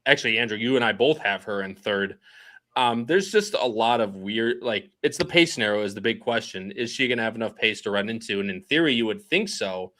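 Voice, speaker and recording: Bright-voiced chatty male podcast host. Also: lowish voice, lively intonation, brisk. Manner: chatty, laughs often, reads live chat aloud. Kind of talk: casual horse racing podcast chat.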